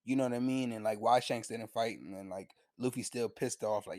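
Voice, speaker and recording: A man's voice: medium pitch, normal speed, few pauses, no echo. A young man chats through an anime review in loose, profane slang, laughing as he goes. His voice sits in an ordinary middle range. The recording is close and dry, with no room sound. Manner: animated, slangy, profane retelling; laughs often. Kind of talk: casual review vlog.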